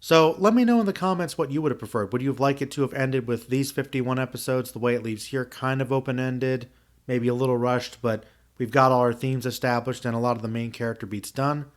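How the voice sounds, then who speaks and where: A man in his thirties talks through his thoughts in a loose, rambling way. He restarts his sentences and fills the gaps with "uh" as he reflects, and his voice sits at an ordinary, middle pitch. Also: fairly quick. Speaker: podcast host. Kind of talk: casual spoken review.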